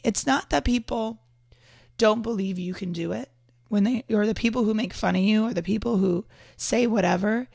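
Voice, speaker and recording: A hoarse woman, slightly sick, talking casually and earnestly to camera in a vlog, often restarting her sentences. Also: fairly high pitch, moderate pace, darkish tone, dry recording, studio quality. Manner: earnest, rambling, with frequent restarts. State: hoarse from illness. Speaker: podcast host and entrepreneur. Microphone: external microphone.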